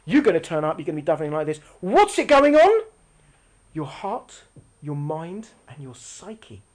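This religious teacher has a deep, slightly mellow voice with big pitch swings, speaking at normal speed. During her live class she works from a diagram, asks the audience questions, and repeats lines for emphasis.

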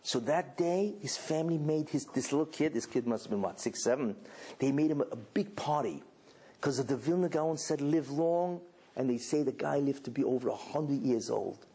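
A man giving a sermon as a rabbi, telling a story with animated delivery and many rhetorical questions. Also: mid-range voice, a little fast, vocal fry, husky. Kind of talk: sermon to a live audience.

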